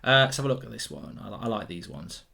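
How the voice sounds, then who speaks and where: A man's voice: lowish voice, big pitch swings, fast, gravelly, noisy background. A man hosting a reaction video, chatting casually with blunt, jokey banter and swearing. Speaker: host reacting to clips of himself.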